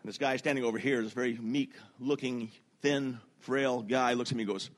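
A man's voice: mid-range voice, fairly even intonation, normal speed. A male pastor giving a sermon in a church, talking in a chatty, conversational way with self-deprecating humor, on a handheld microphone. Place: church sanctuary.

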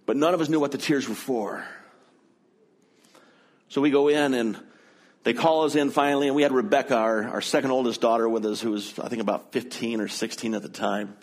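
A man's voice: mid-range voice, steady tone, brisk. A middle-aged man preaching, telling a personal story in an earnest, conversational way before moving into scripture. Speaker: pastor.

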